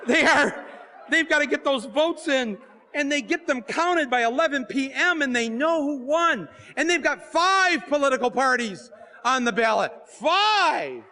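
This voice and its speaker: A man, an author and filmmaker, telling comic stories to a live audience in an animated, joking way, acting out the scenes. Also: very high voice, moderate pace. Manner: animated, joking, acts out scenes and voices, often breaks into laughter. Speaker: author and filmmaker giving a talk. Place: stage at a book fair.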